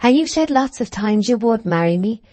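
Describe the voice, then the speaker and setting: A woman's voice: a little high, lively intonation, normal speed, warm tone, no echo, voice pushed up. A woman voicing a timid young woman in an audiobook, speaking in a tremulous, faltering, pleading way. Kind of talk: audiobook character reading.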